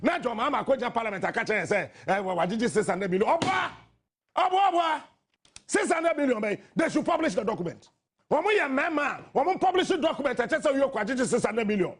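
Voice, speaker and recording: A man with a Ghanaian accent tears into politics as a talk show host, his high, husky voice climbing and falling with wide swings. He talks in impassioned bursts that often rise to a shout, switching between English and Twi. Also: expressive, quick pace. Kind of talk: fiery political commentary. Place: radio studio.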